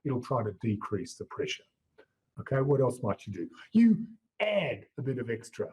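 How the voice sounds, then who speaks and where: This is a middle-aged Australian man teaching a chemistry class to exam students. His voice is slightly husky, and his pitch jumps about a lot as he plays up each point with a teasing, jokey edge. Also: normal speed. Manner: lively, jokey teacher who swoops up for emphasis. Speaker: chemistry lecturer. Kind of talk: exam-prep lecture. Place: lecture room. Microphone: wearable mic.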